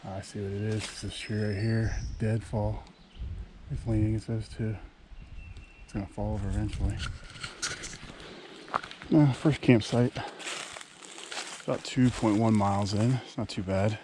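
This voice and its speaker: A man's voice: fairly low pitch, unhurried, pauses often. A man in his thirties chatting casually while he hikes, with lots of fillers. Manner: relaxed, chatty, many fillers. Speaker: hiking vlogger. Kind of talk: casual vlog narration. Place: outdoors on a wooded trail. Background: wind, outdoor nature sounds.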